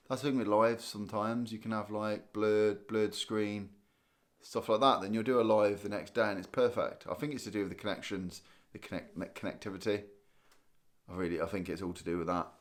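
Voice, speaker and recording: A man from Guernsey hosting a casual live stream, tired and chatting loosely as he reads viewer comments aloud. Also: lowish voice. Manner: chatty, rambling, thinks aloud with restarts and small laughs. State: tired, yawning. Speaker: livestream host.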